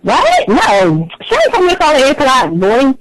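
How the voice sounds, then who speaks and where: A woman's voice: high-pitched, wildly swooping pitch, normal speed. A woman calling into a radio show, teasing the host in a playful way, heard over a noisy phone line. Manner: playful, teasing, laughs often. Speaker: caller.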